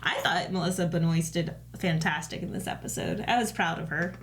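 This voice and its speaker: A woman's voice: on the low side, fairly quick, slight background noise. A middle-aged woman co-hosting a TV reaction show, chatting casually, laughing often and retelling scenes with animation. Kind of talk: casual chat.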